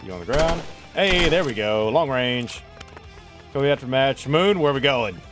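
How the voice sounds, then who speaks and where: A man with a mid-range, fairly bright voice and lively intonation hosts a casual gaming stream, speaking at a measured pace with faint music behind him. He's playful and teasing as he chats with viewers while playing.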